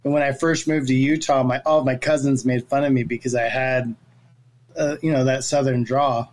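A man's voice: mid-range voice, fairly even intonation, normal speed, a little mellow. A man who grew up in North Florida, chatting easily as a guest on a podcast. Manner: easygoing, chatty, laughs often. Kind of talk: casual chat.

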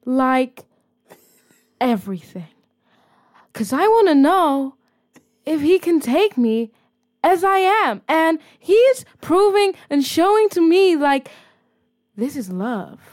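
A woman mimicking a dramatic young woman from a reality dating show, with a husky, theatrical delivery. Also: sits high, sing-song, slow, pauses often, a little mellow, pitched above the performer's own voice, exaggerated voice.

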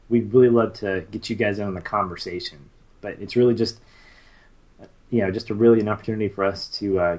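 Low-voiced guy in his 30s, rambly podcast co-host, lots of ums. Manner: rambling, with many fillers and restarts. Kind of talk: casual chat.

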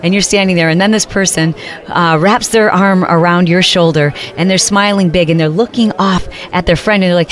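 A woman hosting a talk show, telling a story in a casual monologue and acting out other people's lines in quick put-on voices. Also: lowish voice, steady tone. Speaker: podcast host.

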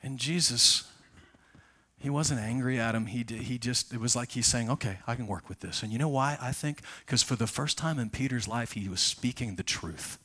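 A man preaching a sermon as pastor at a church service, telling stories emphatically and swinging between loud and soft. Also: medium pitch, moderate pace.

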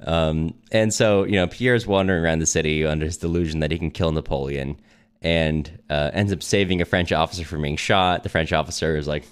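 Man, very low voice, podcast co-host, casual book chat, chatty, lots of fillers. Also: fairly even intonation, a little fast, smooth. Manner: chatty summarizing with fillers and frequent laughs.

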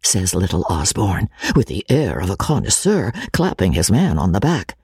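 A woman narrating a classic novel with lively, dramatic storytelling. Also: very deep voice, moderate pace, breathy edge, dry recording, clean studio sound. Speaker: audiobook narrator.

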